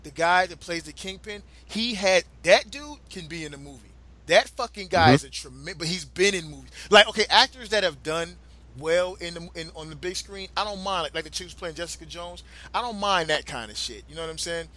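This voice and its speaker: A man hosting a casual podcast chat, loud and emphatic, swearing often and breaking into laughs. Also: high-pitched, lively intonation, brisk. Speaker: podcast host.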